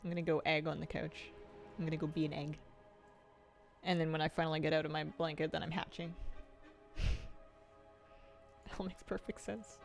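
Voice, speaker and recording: A woman's voice: deep voice, fairly even intonation, moderate pace, creaky, long pauses, soft background music. A young woman streaming a game, chatting playfully and rambling with self-deprecating jokes and frequent laughs. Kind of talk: casual stream chat.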